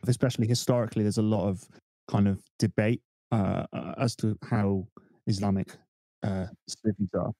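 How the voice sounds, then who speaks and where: Low, mellow-voiced man explaining. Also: fairly even intonation, moderate pace, dry recording. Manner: explanatory, thinks aloud with fillers. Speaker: podcast co-host. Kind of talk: casual discussion. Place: home, remote call. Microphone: desk microphone.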